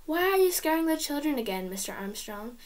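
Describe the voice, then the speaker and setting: A woman's voice: high-pitched, big pitch swings, a little fast, voice pushed up. A woman reading as a firm, proper school principal.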